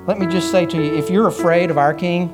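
A man preaching a sermon, telling a story with many repeated phrases and rising to loud, high emphasis. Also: fairly even intonation, a little fast, over loud music. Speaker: pastor.

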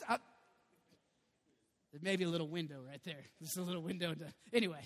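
Male pastor, high voice, animated chatty preaching with loud bursts, echoing hall. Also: a little fast. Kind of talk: sermon. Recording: long reverb of a large hall.

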